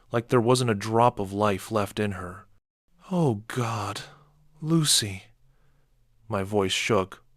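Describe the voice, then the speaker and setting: A man reading a first-person horror story as scripted narration, measured and low-key, with sharp outbursts when quoting. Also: no room sound, clean studio sound.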